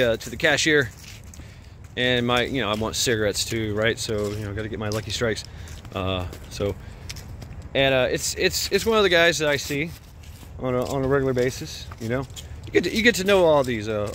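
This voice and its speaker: A man's voice: medium pitch, fairly bright tone, a little hiss or hum. Rambling man telling a story outdoors at night. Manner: rambling, full of fillers and restarts. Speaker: vlogger. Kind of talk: casual storytelling while walking a dog.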